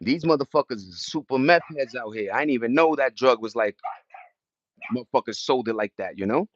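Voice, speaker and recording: A man's voice: medium pitch, animated, brisk, muffled recording, a little hiss or hum. A middle-aged man hosting a livestream, telling loose, slangy stories in casual chat and greeting viewers from the chat between them. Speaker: livestream host.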